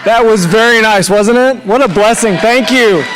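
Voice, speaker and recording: A man's voice: high-pitched, normal speed, background noise. A man emceeing a talent show, announcing acts in an upbeat, joking way.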